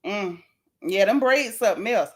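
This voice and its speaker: A middle-aged woman vlogger chatting to her viewers in a lively, exclaiming way. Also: medium pitch, normal speed. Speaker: gossip vlogger. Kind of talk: casual commentary to viewers.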